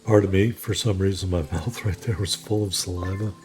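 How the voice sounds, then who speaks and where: A man's voice: deep voice, fairly even intonation, brisk, a little mellow, soft background music. A tired, yawning man hosting a gameplay video, chatting casually with apologetic asides to his viewers. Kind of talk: casual let's play commentary.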